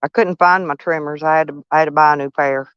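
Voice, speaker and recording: A woman's voice: low voice, fairly even intonation, fast, clear, resonant tone, no echo. Older woman, blunt and profane, casual vlog talk, dry dull recording. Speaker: van life vlogger.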